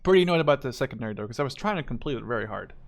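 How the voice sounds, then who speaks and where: A man's voice: medium pitch, animated, rapid-fire, gravelly. A man in his twenties giving casual, profane, rambling commentary while he plays a video game. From Canada. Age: 20s. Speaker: gaming video host.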